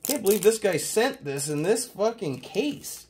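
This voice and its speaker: A man from Canada hosting a casual mail-day chat about his trading cards, excitable and swearing constantly. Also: sits high, unhurried, slight background noise. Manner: profane, excitable hype talk. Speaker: card collecting channel host.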